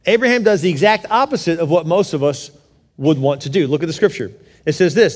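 A man's voice: a little high, fairly quick. Preaching man in an echoing hall. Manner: conversational preaching that swings between loud pleading and soft reassurance. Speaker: pastor. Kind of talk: sermon. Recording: long reverb of a large hall.

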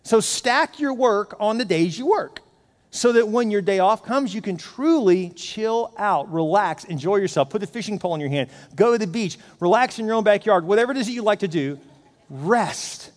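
Man, middle-aged pastor, high voice, animated preaching, long hall reverb. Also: moderate pace. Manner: animated, acts out his own inner voice. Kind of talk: sermon.

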